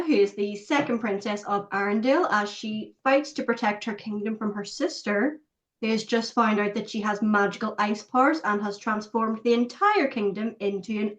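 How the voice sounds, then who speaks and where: Chatty Northern Irish woman podcast host. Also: mid-range voice. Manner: chatty, laughs easily. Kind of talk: casual chat. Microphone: video call. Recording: dull lo-fi video call audio.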